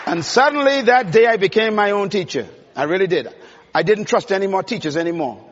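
A man's voice: high voice, expressive, brisk, a faint crowd, slight background noise. A man giving an emphatic, preacherly motivational speech at a conference, addressing the audience directly. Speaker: conference speaker. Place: large conference hall. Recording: dull sound with long hall reverb.

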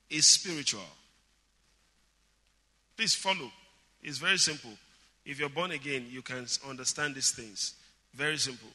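A man's voice: fairly high pitch, pushed and bright. A man preaching a sermon, teaching emphatically, repeating key words and calling on the congregation to say them back. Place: church hall. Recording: long reverb of a large hall.

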